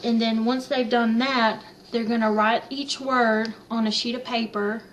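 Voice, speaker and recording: A young woman teacher walking through her lesson plan in a plain, unhurried way with a few fillers. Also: fairly high pitch, flat delivery, lo-fi sound, a little hiss or hum.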